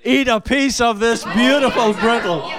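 A man's voice: extremely high pitch, normal speed, over a noisy crowd. A man hosting a playful quiz among friends, laughing and drawing out his questions. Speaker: quiz host. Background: people talking and laughing.

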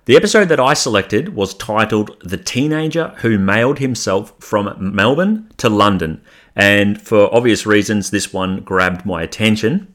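A male podcast host with a fairly low voice introduces clips from other shows. He talks in a relaxed, conversational way and sprinkles in ums as he goes. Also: a little slow. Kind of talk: casual podcast narration.

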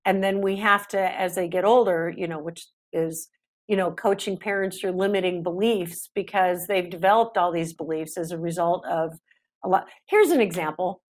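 A woman's voice: fairly low pitch, moderate pace. Chatty middle-aged woman, parenting expert. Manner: chatty, animated storyteller. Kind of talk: podcast interview.

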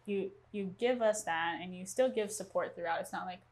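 A woman's voice: mid-range voice, moderate pace. Woman coach, chatty, laughs easily, casual group talk. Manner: chatty, laughs often, many fillers.

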